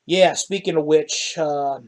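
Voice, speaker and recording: A man narrating as dungeon master in a relaxed, conversational way, often chuckling. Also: a little high, takes it slowly. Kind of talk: narrating a tabletop game.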